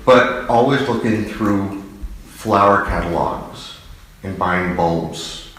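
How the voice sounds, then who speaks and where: A middle-aged man fondly remembering his late father, halting, with many fillers and restarts. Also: low-pitched, fairly bright tone. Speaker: son giving a eulogy. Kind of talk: personal reminiscence. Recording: very echoey hall.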